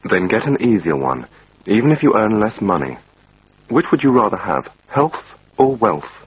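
A man voicing a calm male doctor who gives advice in a steady, reassuring way, reading a textbook dialogue. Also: on the low side, moderate pace, breathy edge, dry recording, voice pushed up, exaggerated voice. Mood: advising. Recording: dull lo-fi recording.

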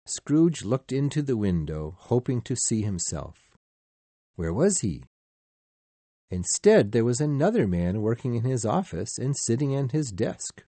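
A man reading a storybook aloud in a slow, measured, expressive way. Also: mid-range voice, no echo. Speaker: narrator.

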